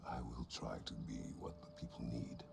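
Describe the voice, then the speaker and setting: A stern old war god for a game: very low, heavy gravel, slow and grave. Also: male voice, level tone, over music, exaggerated voice. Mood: solemn. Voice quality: deep and gravelly. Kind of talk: video game voice acting.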